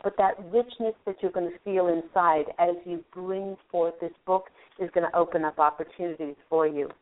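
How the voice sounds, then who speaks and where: A woman radio host giving a call-in angel card reading, gently guiding the caller through a visualization. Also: fairly low pitch, steady tone, normal speed. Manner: soothing, guiding, talks listener through a visualization. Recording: narrow phone-line sound.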